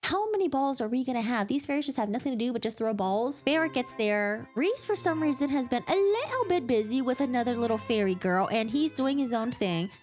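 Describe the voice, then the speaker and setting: A woman vlogger recaps a fantasy novel in a dramatic, animated way. Her voice sits fairly high and swoops all over. Faint music plays in the background. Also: fairly quick, hardly any pauses. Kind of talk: casual book recap.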